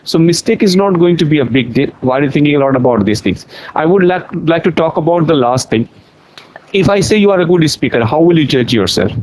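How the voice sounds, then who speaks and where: A man's voice: on the high side, lively intonation, brisk, darkish tone, rough recording. A young adult man from India with an Indian accent, an English teacher answering interview questions in an earnest, explanatory way. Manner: earnest, explanatory, repeats points.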